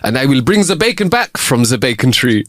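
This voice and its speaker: A man voicing an excitable young Frenchman in an exaggerated fake French accent, telling a joke. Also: mid-range voice, brisk, no room sound, clean studio sound. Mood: scheming. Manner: hammy, theatrical joke-telling. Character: excitable young Frenchman Jean-Pierre, colonial settler.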